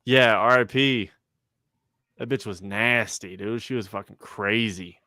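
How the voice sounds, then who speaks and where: A man's voice: on the low side, measured pace, bright, forceful tone, no echo, clean studio sound. A young man on a casual livestream chat, telling stories in a laid-back, slangy way full of "like" and swearing. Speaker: rapper and guest.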